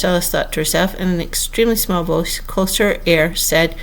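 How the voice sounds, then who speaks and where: A woman narrating a classic storybook aloud as an audiobook, in an expressive, unhurried manner. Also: lowish voice, vocal fry. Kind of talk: audiobook reading.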